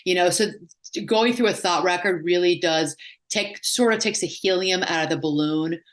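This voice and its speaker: In a casual interview, a woman who works as a psychotherapist and life coach speaks at a moderate pace in a lowish voice. She's an animated storyteller who acts out the voices she quotes.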